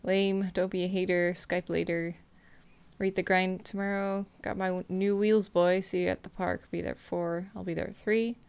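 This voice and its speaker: Woman, gaming commentary, gravelly voice, reads on-screen texts aloud. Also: lowish voice. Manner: reads on-screen text messages aloud in a flat, quick way, with frequent laughs. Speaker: gameplay streamer. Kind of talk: casual let's-play commentary.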